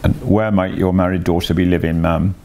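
A man voicing a boastful male toad disguised as a washerwoman, bragging in an airy falsetto. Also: level tone, brisk, dark tone. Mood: pleading.

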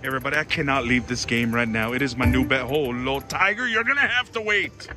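Animated man pleading with a slot machine. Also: medium pitch, brisk. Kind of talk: excited live commentary while playing slots. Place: casino. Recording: loud casino slot machine music behind. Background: slot machine music.

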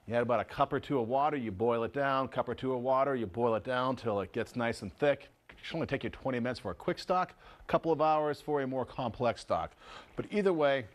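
A man hosts a relaxed home cooking show from his kitchen, talking to the folks at home as he cooks and tastes. He speaks at an everyday middle pitch in a chatty, easygoing way. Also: a little fast. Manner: chatty, tasting food and talking to viewers as folks.

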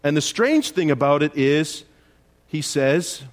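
A man's voice: on the high side, lively intonation, slow. Man preaching an emphatic sermon. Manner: rises to emphatic rhetorical questions, with fillers and restarts. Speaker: pastor. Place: church.

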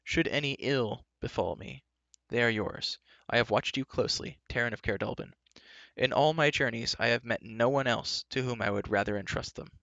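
A man reading aloud and voicing a gentle young male prince and healer who speaks in a calm, solemn way. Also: medium pitch, moderate pace, gravelly, dry recording, highs cut off. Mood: grave.

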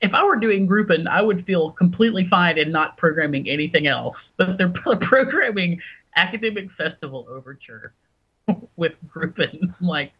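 A man's voice: sits high, animated, moderate pace, husky, lo-fi sound. A man on a podcast panel in casual chat, opinionated and wry.

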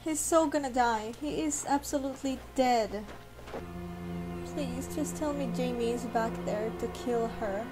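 A woman with a high voice talks at an unhurried pace while she reacts to a show, swearing and calling out to the characters. Loud music from the episode plays behind her. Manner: swearing, exclaiming, talking back at the screen. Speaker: reaction video host.

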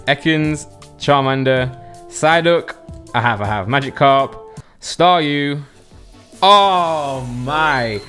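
Here a man with a mid-range, slightly bright voice is tearing into card packs for his audience. He keeps it chatty and jokey, reading the card names out fast in a casual unboxing style.

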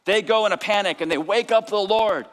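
A male pastor preaching a lively sermon, sometimes shouting out the lines of the people in his story. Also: high-pitched, brisk. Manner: energetic preaching, acts out disciples' cries. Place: church sanctuary. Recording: long church hall reverb.

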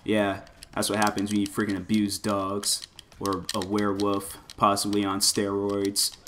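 A man giving loose, excitable commentary over his fighting-game play, full of exclamations and filler words. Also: on the low side, unhurried, background noise. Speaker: gameplay commentator. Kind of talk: casual gameplay commentary.

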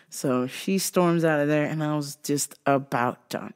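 A woman's voice: low voice, a little slow, few pauses, smooth. A woman vlogger delivering a profane comedic rant, acting out dialogue as she tells a story. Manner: profane, animated, acts out dialogue.

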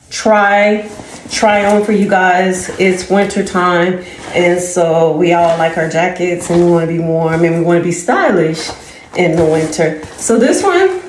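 A woman's voice: fairly low pitch, a little mellow. A woman, chatting casually and rambling a little as she tries on jackets for a video haul, giggling at her own asides. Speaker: vlogger. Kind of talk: casual try-on haul chat. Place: home room at dusk. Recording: echoey room with faint ambient noise.

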